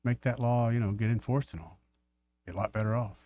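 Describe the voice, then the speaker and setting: A man's voice: medium pitch, steady tone, a little fast, warm tone, no echo, lo-fi sound. A man co-hosting a radio talk show, answering the host with wry, blunt remarks. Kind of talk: casual talk radio chat.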